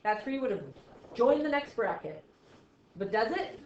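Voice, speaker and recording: A woman's voice: fairly high pitch, animated, a little slow, slight background noise. A woman teaching a math class in a classroom, playful and jokey, with exaggerated asides. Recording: echoey classroom, dull lo-fi sound.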